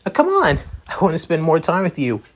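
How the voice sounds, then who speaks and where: A man's voice: on the high side, huge pitch swings, brisk, pitched above the performer's own voice. A man putting on a clingy, teasing young catgirl. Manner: playful, pushy, teasing.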